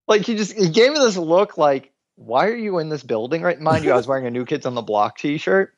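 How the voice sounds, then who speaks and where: A man hosting a casual podcast, telling animated, profane stories and imitating the people in them. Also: on the high side, a little fast, no echo, dull audio. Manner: animated, profane storyteller who mimics people. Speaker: podcast host.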